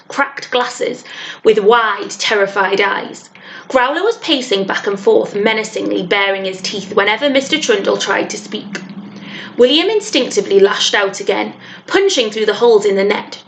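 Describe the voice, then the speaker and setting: Lady teacher reading a kids' book out loud, lively storyteller, bit high voice. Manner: expressive storytelling. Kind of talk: reading a children's book aloud.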